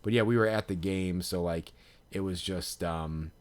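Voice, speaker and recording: Male podcast co-host, lower voice, loose rambling delivery full of fillers. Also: moderate pace, clean tone. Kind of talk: casual chat.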